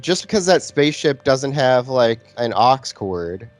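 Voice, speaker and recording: Mid-pitched man making wry movie asides. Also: big pitch swings, unhurried, no echo, faint music behind. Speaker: podcast co-host. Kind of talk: casual movie-review chat.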